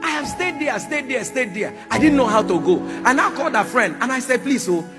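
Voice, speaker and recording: A high-pitched man preaching with a swooping, lively voice. He tells his story with loud bursts and spoken sound effects, and music plays clearly behind him. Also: brisk. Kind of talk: sermon storytelling.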